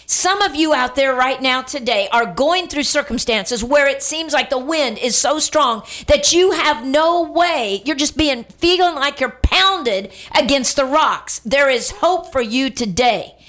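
Middle-aged lady preacher on the radio, fairly high voice, tells stories, repeats lines, gets listeners to say it back. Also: expressive, measured pace, hardly any pauses, a bit bright. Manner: storytelling, emphatic, repeats lines for effect; calls on listeners to respond. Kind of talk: radio sermon.

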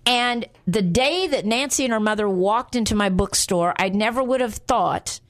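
A woman hosting a Christian radio talk show, telling personal stories earnestly and slowing down on key words. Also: mid-range voice. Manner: earnest, slows down for emphasis.

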